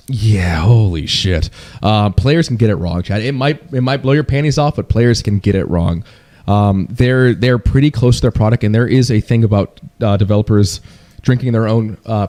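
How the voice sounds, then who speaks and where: Profane, animated male streamer ranting. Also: fairly low pitch. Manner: profane, repetitive, animated, mocking voices when quoting. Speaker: gaming streamer. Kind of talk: casual rant to camera.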